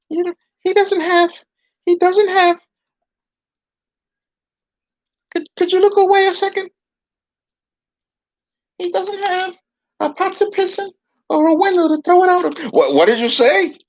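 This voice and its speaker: A man's voice: very high-pitched, voice pushed up. A man voicing a whiny, melodramatic young girl puppet who wails and complains, on a dull, dry lo-fi recording. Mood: sassy.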